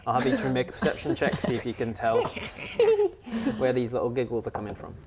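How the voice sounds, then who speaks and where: A man's voice: mid-range voice, wildly swooping pitch, a little fast, heavy background noise. Rambling man running a tabletop game. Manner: rambling, many fillers, laughs easily. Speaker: game master.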